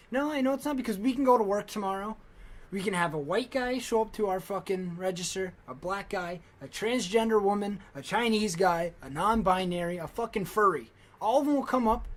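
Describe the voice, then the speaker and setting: A man's voice: high-pitched, fairly quick. A man co-hosting a podcast, ranting in casual, profane, emphatic chat. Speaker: podcast co-host.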